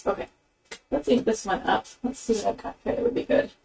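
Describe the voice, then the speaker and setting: A woman's voice: a little high, very animated, a little fast, creaky, darkish tone, distant mic, slight background noise, low-quality recording. A woman giving a casual craft tutorial, chatting her way through the steps with plenty of ums as she works with her hands. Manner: chatty, rambling with fillers, narrating her hands-on work. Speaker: craft demonstrator. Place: craft table indoors.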